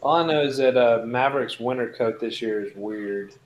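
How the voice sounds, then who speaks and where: A man hosting a casual chat stream, rambling and animated, swearing offhandedly. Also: mid-range voice, normal speed, lo-fi sound, a little hiss or hum. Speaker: host.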